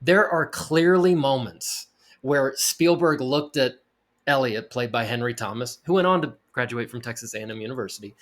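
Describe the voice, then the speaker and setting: Animated man recapping a movie. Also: mid-range voice, normal speed. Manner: animated retelling, acting out quoted lines. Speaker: movie review podcast co-host. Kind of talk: casual film discussion.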